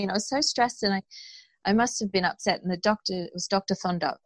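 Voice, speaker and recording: A woman, a guest in a conversational interview, speaks earnestly and tells her story with animation. Her voice sits at a middle pitch. The recording is dry and close, with no room sound. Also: fast, no room sound, rough recording.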